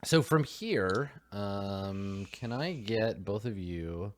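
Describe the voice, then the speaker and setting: Low-voiced man running a tabletop game. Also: expressive, extremely slow, hardly any pauses. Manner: casual, rambling, full of fillers. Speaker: game master.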